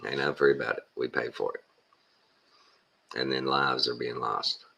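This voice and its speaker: Blunt, plainspoken Texan man, very low and creaky, casual monologue. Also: steady tone, a little slow, sharp tone. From Texas. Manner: blunt and plainspoken, with folksy slang. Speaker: vlogger.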